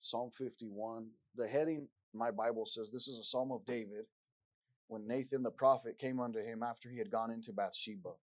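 Male preacher, earnest, repeats himself, mid pitch, dry room. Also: steady tone, moderate pace, no room sound, rough recording. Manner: earnest, repeats words, rises loud when reading scripture. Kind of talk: sermon.

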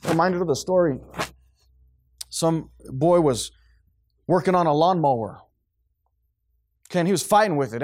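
A man preaching a sermon to his congregation, swinging from quiet, low remarks to loud, high outbursts. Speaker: pastor.

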